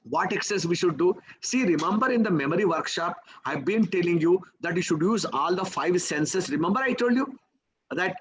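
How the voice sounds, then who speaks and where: This memory trainer has an Indian English accent and a high, expressive voice, talking a little fast over a loud crowd on poor audio. During a live teaching session, he coaxes the class with rhetorical questions and peppers his talk with "okay?" and "right?"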